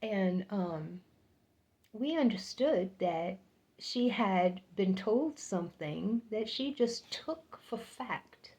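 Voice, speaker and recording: A woman's voice: mid-range voice, animated, slow, a little mellow. An older woman telling a personal story to the camera, chatty and repeating words for emphasis. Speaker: vlogger.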